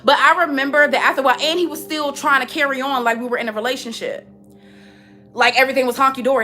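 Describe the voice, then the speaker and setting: A woman's voice: high voice, steady tone, fast, pushed and bright, faint music behind. A young woman giving a spiritual reading in a frank, chatty way, often repeating herself when she gets going. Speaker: tarot reader. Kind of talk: spiritual reading, casual monologue.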